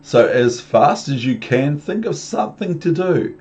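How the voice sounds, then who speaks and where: A man voicing an anxious, fussy little pet fish in a storybook, giving loud, urgent warnings. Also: fairly high pitch, very animated, unhurried, pitched above the performer's own voice. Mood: alarmed.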